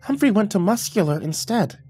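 A man's voice: high voice, big pitch swings, a little fast, darkish tone, husky, soft background music, pitched above the performer's own voice, heavily acted. A man voicing a timid, nervous female security guard in her thirties who speaks hesitantly.

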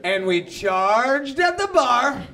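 A young man doing a stand-up comedy set, telling self-mocking stories and shouting out punchlines. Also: very high voice, very animated, takes it slowly. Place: comedy club with a live audience. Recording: live club recording with crowd. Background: audience laughter.

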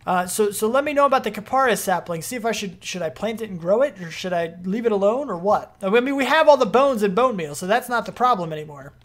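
A young adult streamer giving casual, rambling gameplay commentary, excitable and full of fillers. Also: mid-range voice, quick pace, few pauses.

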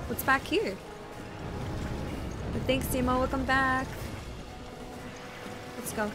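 A woman game streamer chats freely with her viewers, full of quick exclamations, and now and then drops into soft cooing. Her voice sits a bit high. A loud game soundtrack plays clearly under her desk-mic sound. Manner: chatty, exclaims often, coos softly to her cat. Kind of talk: casual live-stream chat. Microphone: desk microphone. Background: game music.

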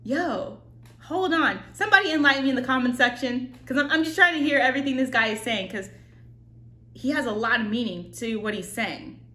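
A woman hosting a casual reaction video, excitable and thinking out loud. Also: high-pitched, brisk, roomy sound. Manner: excitable, exclaims and thinks aloud.

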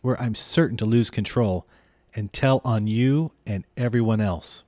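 A man's voice: fairly low pitch, unhurried, darkish tone, no room sound, natural voice. A man reading aloud, voicing an anxious, frightened young boy who pleads and frets. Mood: distraught. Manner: trembling, pleading, fretful.

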